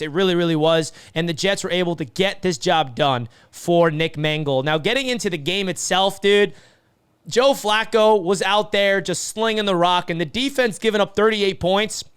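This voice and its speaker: A male sports fan hosting his own recap vlog, with a high-pitched, smooth, clear voice. He sounds earnest and passionate, and moved with grief as he talks. His speech comes in rushes, and he often repeats himself. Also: fairly bright tone. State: emotional, grieving. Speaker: sports fan channel host.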